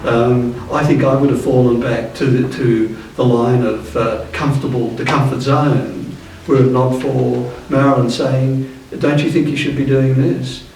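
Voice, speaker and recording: A man in his seventies recalling the past in a thoughtful, halting way, with many restarts. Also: medium pitch, little pitch movement, darkish tone, slight background noise. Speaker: interviewee. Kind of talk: reflective reminiscing. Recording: roomy echo, distant mic.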